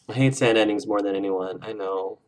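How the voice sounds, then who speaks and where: A man hosting a game livestream, chatting casually with viewers in an effusive, emotional way. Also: fairly low pitch. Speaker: let's play streamer.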